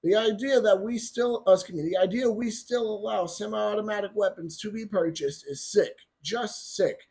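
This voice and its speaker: A man putting on the voice of an elderly male politician, speaking in a halting, stumbling way. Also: high voice, vocal fry, darkish tone. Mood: mocking.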